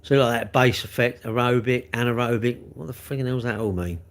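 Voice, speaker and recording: A livestream host in his sixties with a South London accent chats casually and answers comments, speaking briskly at medium pitch with fairly even intonation. He rambles and tacks questions onto everything.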